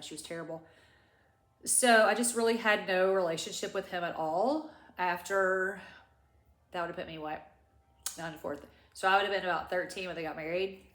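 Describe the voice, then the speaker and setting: A middle-aged woman talking through tears, her voice sitting a little low for a woman. She rambles and restarts, telling a personal story in a vlog. The sound rings in an echoey room. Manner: halting, rambling, many restarts. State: crying. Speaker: vlogger. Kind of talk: tearful personal story time.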